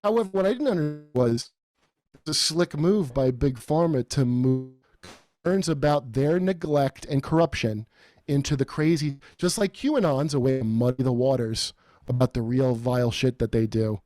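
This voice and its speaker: A man's voice: mid-range voice, moderate pace, warm tone. A man hosting a podcast, talking in a rambling, profane, mocking way and putting on quoted voices. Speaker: podcast host. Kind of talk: casual comedic chat.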